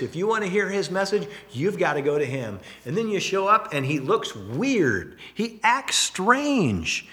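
A middle-aged male pastor preaching a sermon, telling stories with humorous asides. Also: medium pitch. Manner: animated storytelling with humorous asides.

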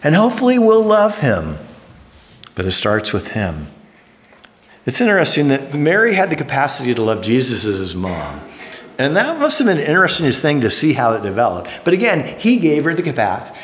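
A man in his fifties preaching a sermon, telling stories with jokes, sudden high exclamations and quiet drops. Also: very animated, moderate pace. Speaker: pastor. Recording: long hall reverb.

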